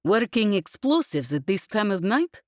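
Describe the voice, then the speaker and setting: A woman voicing a tough, quick-witted woman from a ship's crew, trading teasing remarks in an audiobook. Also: fairly low pitch, big pitch swings, a little mellow, dry recording, clean studio sound. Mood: bantering. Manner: teasing, banter.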